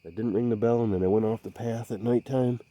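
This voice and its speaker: A man investigating the woods by a swamp at night, speaking in a hushed, halting, searching way and sometimes calling out loudly. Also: mid-range voice, fairly even intonation. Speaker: field investigator. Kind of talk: night field investigation commentary.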